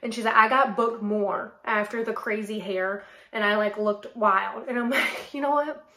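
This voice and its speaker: A woman in her late twenties from North Carolina, hosting a podcast and telling a story in a chatty, animated way full of "like". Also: medium pitch, moderate pace, roomy sound. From North Carolina, USA. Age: late 20s. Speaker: podcast host and model. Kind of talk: casual solo chat.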